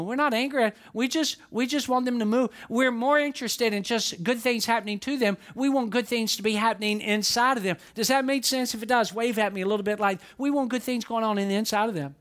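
A man's voice: very high-pitched, a bit bright. An older man preaching a sermon. He tells family stories and keeps asking the congregation questions, often repeating himself. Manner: repetitive, questions the congregation, storytelling. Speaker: pastor.

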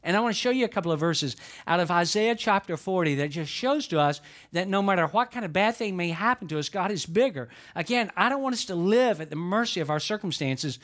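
A man's voice: sits high, fairly bright tone. A man preaching a sermon, folksy and storytelling, with emphatic rises. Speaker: pastor. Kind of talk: sermon with humorous stories.

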